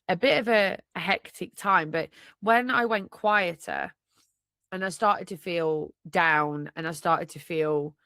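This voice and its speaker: On her personal podcast, a young woman with a lowish, slightly bright voice talks candidly and emotionally over a dry recording. Her nose is blocked, and she sniffs, sounds tearful and keeps restarting her sentences.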